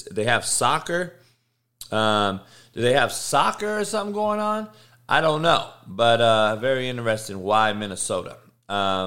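A man's voice: medium pitch, a bit bright. A man hosting a sports betting show, reading injury news in a casual, offhand way with frequent swearing. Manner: profane, offhand, reads news aloud.

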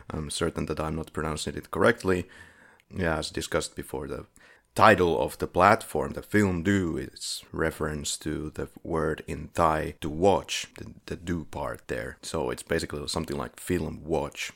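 A man with a very low voice co-hosting a casual podcast. He rambles, stumbles over names and corrects himself as he goes, with easy laughs in between. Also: unhurried, vocal fry, a bit bright. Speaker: podcast co-host.

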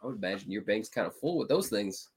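Lower-voiced man, playful podcast chat. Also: lively intonation, fast talker, a little mellow, husky. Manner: laughing, playful. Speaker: podcast host. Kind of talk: casual chat.

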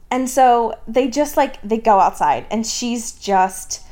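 A woman co-hosting a casual chat, recapping scenes with lots of laughter and quick mock character voices. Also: fairly high pitch, dark tone. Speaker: podcast co-host. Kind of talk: casual book discussion chat.

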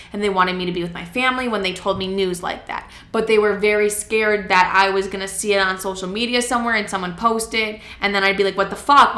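Telling a story on her podcast, a young adult woman speaks at a medium pitch in a bright, forceful tone. She's chatty and relaxed, heavy on "like" and liberal with swear words, with a roomy echo around her voice.

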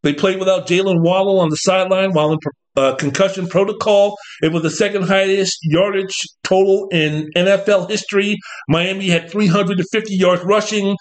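Animated high-voiced man talking sports. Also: fairly quick. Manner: rambling, animated, jumps into mocking coach impressions. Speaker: podcast host. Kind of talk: casual sports talk monologue.

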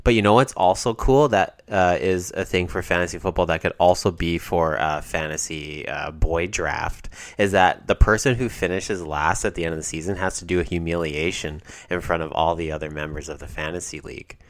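A man's voice: deep voice, steady tone, fairly quick, hardly any pauses, dry recording. A man co-hosting a casual podcast, joking sarcastically and swearing often. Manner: sarcastic, swearing, wrestling-fan jokes. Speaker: podcast co-host.

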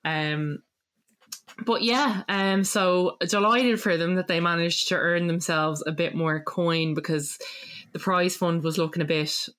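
A woman's voice: fairly low pitch, steady tone, measured pace, fairly bright tone. A woman, hosting a casual chat and animatedly retelling a story, acting out quotes and laughing often. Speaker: podcast host. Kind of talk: casual chat recapping a reality show.

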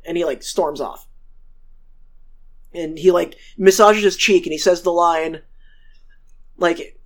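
Her voice is lowish and her pace measured, with frequent pauses. As a podcast co-host she rambles through episode recaps, swearing casually and performing the voices of the characters she quotes.

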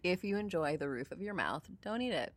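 A woman's voice: lowish voice, lively intonation, a little fast, no echo, studio quality. A woman co-hosting a casual food podcast, playful and laughing often, reading product text aloud. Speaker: podcast co-host. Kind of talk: casual chat.

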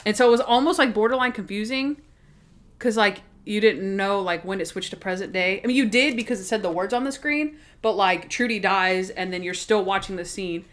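A woman co-hosts a podcast, chatting casually about TV episodes. She talks in an animated way with plenty of filler words. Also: mid-range voice, a little fast. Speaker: podcast co-host. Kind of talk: casual chat reviewing TV episodes.

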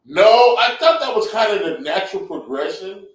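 A man's voice: high-pitched, very animated, moderate pace. A middle-aged man from San Diego telling loose, laughing, profanity-laced stories as a guest in a casual interview. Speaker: comedian and actor guest. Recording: roomy sound from a distant mic.

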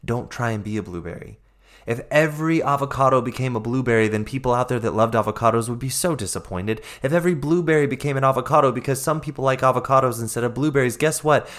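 A man hosting his own motivational podcast as a life coach, speaking emphatically with lots of repetition and addressing listeners as his friends. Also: mid-range voice.

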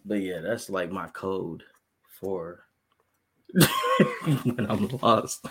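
A young man telling a story in casual chat, animated and laughing often as he acts out his own phone calls. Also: on the low side, measured pace, long pauses, a little hiss or hum.

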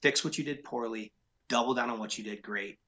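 A man's voice: mid-range voice, a little fast, pushed and bright. A man who owns a business, talking frankly and emphatically in a casual interview, often repeating his key points. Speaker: business owner.

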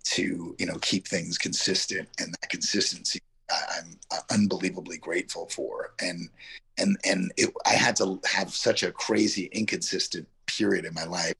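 Middle-aged male actor from Yonkers, gravelly and husky, rambling and reflective interview guest. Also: low voice, steady tone, normal speed, bright, forceful tone. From Yonkers, New York. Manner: rambling, reflective, heavy on fillers. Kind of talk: casual interview storytelling.

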